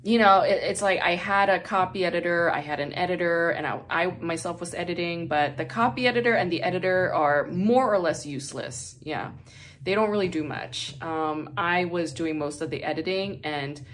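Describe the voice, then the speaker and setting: A woman's voice: fairly low pitch, normal speed. A woman hosting a podcast who chats casually and candidly, swearing freely and laughing often; English is her second language. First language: not English. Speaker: podcast host.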